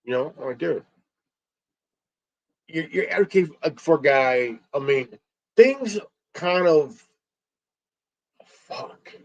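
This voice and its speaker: A man ranting alone on his stream, angry, stumbling and repeating words, swearing and filling pauses with ums. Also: a little high, lively intonation, creaky. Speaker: stream host. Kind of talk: angry solo rant. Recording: dull lo-fi stream audio.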